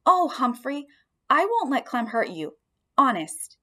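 Brief: a woman playing a kind, gentle young girl in a storybook reading, soothing tone. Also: mid-range voice, big pitch swings, slow.

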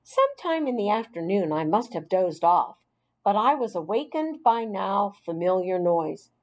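A woman narrating a children's audiobook in a clear, expressive storytelling voice. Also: mid-range voice, normal speed.

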